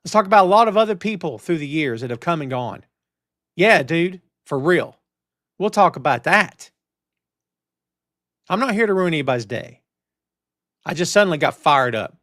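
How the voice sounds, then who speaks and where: Brief: middle-aged male stream host, fired-up casual chat, high voice, dry close mic. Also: moderate pace, pauses often, no room sound. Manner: animated, ranting, talks straight to the chat. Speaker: wrestling show host. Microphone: headphones and studio mic.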